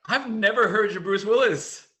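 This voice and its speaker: A man's voice: sits high, moderate pace. A man chatting casually on a video call, laughing and trading celebrity impressions. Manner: laughing, playful, breaks into loud impressions.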